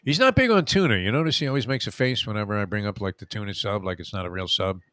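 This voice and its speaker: Sports radio host, man, lower voice, rambling halting delivery, bright dry sound. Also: animated, dry recording. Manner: rambling, halting with many uhs. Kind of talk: casual sports talk.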